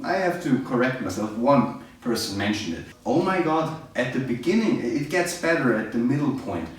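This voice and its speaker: A man reviewing a film in a casual, sarcastic, exasperated rant. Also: a little high. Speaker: movie reviewer. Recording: very echoey room, distant mic.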